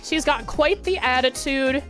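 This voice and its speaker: Giggly high-voiced woman streamer. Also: unhurried, fairly bright tone, soft background music. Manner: giggly and self-deprecating. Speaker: game streamer. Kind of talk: casual livestream chat.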